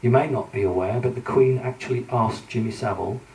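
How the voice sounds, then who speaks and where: This British conference speaker talks fairly quickly in a mid-range voice that's creaky and somewhat dark, presenting slides with an earnest, warning tone. His speech is full of fillers and restarts. Heard from afar in a large conference hall, the audio echoes and carries a faint hiss.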